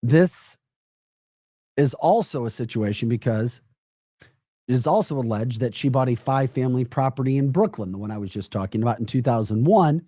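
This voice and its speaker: A man's voice: mid-range voice, dark tone, dry recording, clean studio sound. A man hosting a live political podcast, emphatic and mocking, often breaking into laughter while reacting to chat comments. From United States. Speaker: podcast host.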